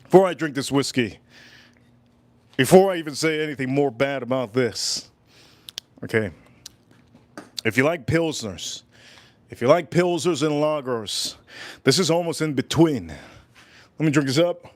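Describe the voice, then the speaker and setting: A man hosting a casual cooking and tasting livestream, who talks in a drawn-out, playful way and repeats his phrases. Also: mid-range voice, lively intonation. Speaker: livestream host.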